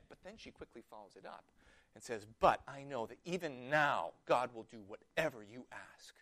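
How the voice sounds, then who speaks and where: A man preaching a sermon, retelling a story with lively delivery and acting out the quotes, dropping to a hush and then rising loud. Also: medium pitch, moderate pace, no room sound. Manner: animated storytelling, acting out quotes with big swings from loud to hushed.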